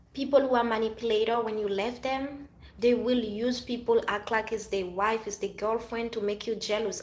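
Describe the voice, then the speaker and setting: A woman's voice: fairly high pitch, roomy sound. A woman from Haiti talking to camera about her past relationship, emphatic and preachy, often repeating herself. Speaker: vlogger. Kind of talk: personal talk to camera.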